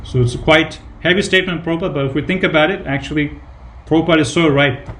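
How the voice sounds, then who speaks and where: Speaking fast in a slightly high, somewhat bright voice, a man leads a devotional scripture lesson. He recounts anecdotes, repeats points for emphasis, and drops in casual fillers.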